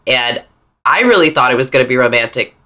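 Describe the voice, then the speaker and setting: A woman co-hosting a podcast, talking through a story in an enthusiastic, rambling way with quick restarts. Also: a bass voice, expressive, sharp tone. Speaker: podcast co-host. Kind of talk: casual book-club chat.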